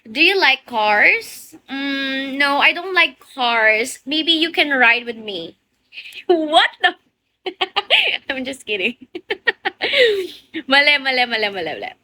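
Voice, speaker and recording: A woman's voice: high voice, expressive, slow pace, pauses often, sharp tone. A woman with a Filipino accent, a native Tagalog speaker, chatting playfully with viewers on a casual livestream, teasing and laughing often.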